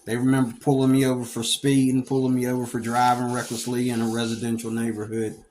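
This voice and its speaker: Here a middle-aged storyteller from Pennsylvania, in the United States, reminisces in a loose, lively monologue, erupting loudly as he imitates the people he quotes. He talks fast at a medium pitch, and there's slight background noise.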